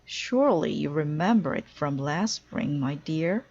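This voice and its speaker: A woman voicing a gentle, patient mother bear in a read-aloud storybook, speaking in a calm, unhurried way. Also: low voice, husky, dull audio, exaggerated voice.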